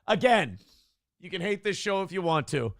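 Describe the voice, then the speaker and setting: Gravelly-voiced joking male co-host. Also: sits high, very animated, normal speed, a bit bright, dry recording, clean studio sound. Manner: joking, drifts into storytelling voices and sung lyrics. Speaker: morning show co-host. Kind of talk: irreverent comedic podcast banter.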